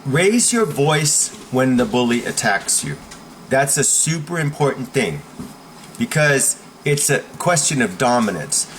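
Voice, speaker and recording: A man's voice: medium pitch, very animated, measured pace, a little hiss or hum. A man coaching viewers in a blunt, emphatic talk, often checking in with "okay?". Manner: forceful, blunt instruction. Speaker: self-defense coach.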